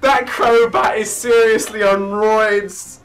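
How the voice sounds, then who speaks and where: A young man giving hyper, excitable gameplay commentary, often breaking into shrieks and laughter. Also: high-pitched, slow, soft background music, low-quality recording. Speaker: let's play gamer.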